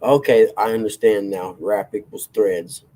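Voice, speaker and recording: Chuckling frequently, a man hosting a livestream reads chat and chats casually in a rambling, self-deprecating way. He speaks a little slowly in a lowish, mellow voice with a steady tone.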